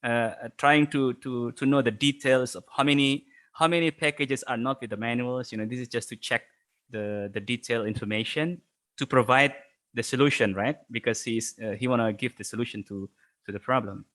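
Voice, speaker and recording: Halting male teacher. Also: mid-range voice, steady tone, a bit bright. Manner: halting, many fillers and restarts, chuckles often. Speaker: English teacher. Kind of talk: online class lecture.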